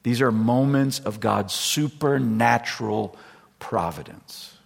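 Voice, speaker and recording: Speaking slowly with vocal fry and a medium pitch, this middle-aged man preaches a sermon built around a personal story. He keeps it conversational and performs the voices of the people he quotes. He's a pastor, and the big room leaves a long reverb.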